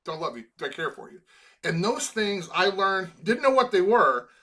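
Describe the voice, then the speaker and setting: A man's voice: high voice, very animated, pushed and bright. A middle-aged man from Chicago, a former college football player, talking earnestly in an interview and often restarting his sentences. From Chicago, USA. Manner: earnest, halting with many restarts. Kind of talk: emotional interview conversation.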